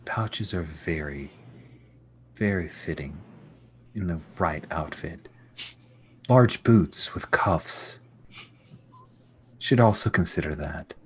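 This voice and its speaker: A man voicing a regal queen of a fae court, speaking slowly and formally in a hushed tone. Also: sits low, lively intonation, breathy edge, pitched below the performer's own voice, exaggerated voice. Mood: stately. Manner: slow, hushed, formal speech. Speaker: game master.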